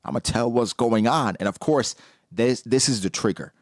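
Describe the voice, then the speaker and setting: A man hosting a manga reaction show in casual commentary, talking in an animated, slangy way. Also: normal speed, no echo, clean studio sound. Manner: animated, slangy, jumps into high-pitched character impressions.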